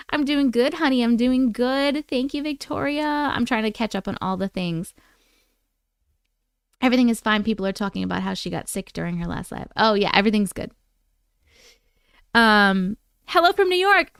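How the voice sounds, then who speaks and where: A woman hosts a casual livestream in a smooth, mid-range voice, recorded with clean studio quality and no echo. She bubbles along reading live comments and greeting viewers by name.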